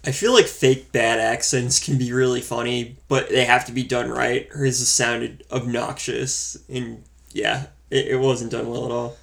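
A man co-hosting a casual movie review chat, relaxed and wry as he counts off his points. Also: medium pitch, measured pace, creaky. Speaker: podcast co-host reviewing a film.

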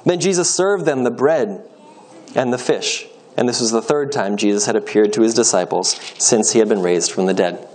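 A man reading scripture aloud in an expressive storytelling manner, speeding up and slowing down. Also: mid-range voice. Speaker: scripture reader.

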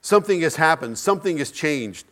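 A man preaching a sermon, building with repeated phrases, rhetorical questions and dramatic pauses. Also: a little high, lively intonation, fairly bright tone.

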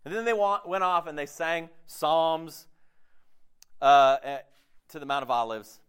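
A man preaching a casual, jokey sermon, acting out quotes with lively swings in his voice. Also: fairly high pitch, a little slow, clean tone. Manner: animated, jokey, acts out quotes. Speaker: pastor.

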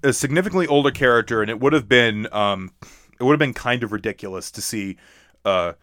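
A man in casual movie chat who rambles, stacking fillers and restarting his sentences. His voice sits in an ordinary middle pitch. The sound is dry and close, with no room around it. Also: brisk, a bit bright, no echo. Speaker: podcast co-host.

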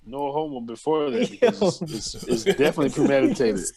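A man's voice: a little high, big pitch swings, brisk, over a noisy crowd. A man co-hosting a podcast, arguing his point emphatically in slangy casual chat.

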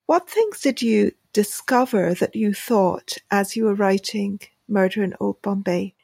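A woman's voice: mid-range voice, unhurried, creaky, darkish tone, breathy edge, dry recording. A woman interviewer asking questions in a friendly, hesitant way with plenty of fillers. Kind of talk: casual interview.

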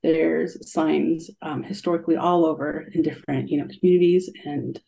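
A woman's voice: low voice, fairly even intonation, moderate pace, gravelly, warm tone. A young adult woman, an art therapist, telling a heartfelt story in a radio interview, with many ums and likes.

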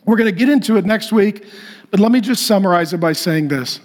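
A man with a high voice preaching a sermon. He repeats his key phrases for emphasis and swings between loud and hushed delivery. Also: expressive, a little fast. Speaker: pastor.

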